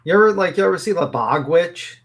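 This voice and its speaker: A man co-hosting a casual gossip livestream, crude and slangy, quick with jokes. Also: high voice, animated, a bit bright. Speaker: livestream co-host.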